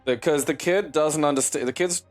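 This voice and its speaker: A man's voice: a little high, normal speed, faint music behind. A man co-hosting a gaming video, telling a long story in casual chat and swearing often as he plays. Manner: rambling, profane storytelling. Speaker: co-host of a gaming channel. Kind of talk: casual chat while playing a game.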